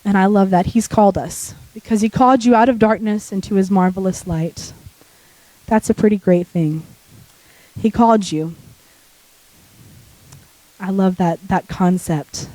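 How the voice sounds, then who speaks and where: A woman preaching a sermon in a church while sick, her voice deepening, talking conversationally and joking with the congregation. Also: dark tone, no room sound, poor audio.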